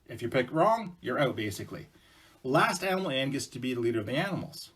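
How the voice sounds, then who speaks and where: A man's voice: medium pitch, fast talker, breathy edge. A man doing a patient creator spirit. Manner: calm, explaining rules.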